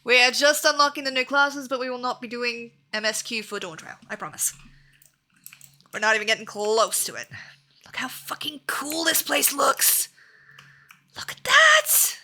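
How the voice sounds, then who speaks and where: A woman streaming a video game, chatting casually, excitable and swearing freely. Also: on the high side, moderate pace. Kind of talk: live game-stream chat.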